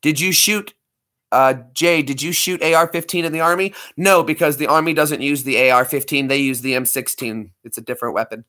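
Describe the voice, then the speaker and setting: A man's voice: medium pitch, steady tone, brisk, few pauses, bright, forceful tone. A man in his thirties hosting a livestream, rambling and joking as he answers chat. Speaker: livestream host.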